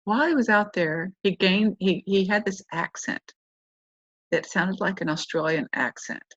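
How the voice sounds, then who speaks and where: In a dull, lo-fi recording with no echo, a middle-aged podcast host rambles casually through a personal story, correcting herself frequently. She speaks in a mid-range voice that's a bit bright, at a moderate pace.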